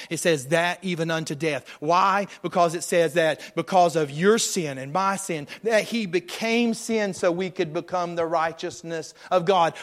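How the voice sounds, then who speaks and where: A man preaching a sermon as a pastor, passionate, swinging between loud declarations and quiet asides. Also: high voice. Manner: passionate preaching, rising and falling in volume, quick asides. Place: church sanctuary.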